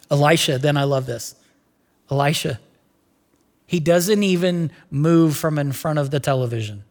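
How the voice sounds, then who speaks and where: A man preaching a casual sermon, telling the story with animated voices and quick asides. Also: a little high, long reverb tail. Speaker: pastor.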